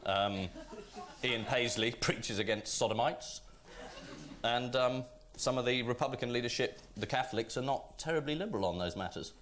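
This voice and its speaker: A man's voice: medium pitch, moderate pace, fairly bright tone, slight background noise. A man from Britain on a comedy panel show, making wry, ironic asides. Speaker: team captain on panel show.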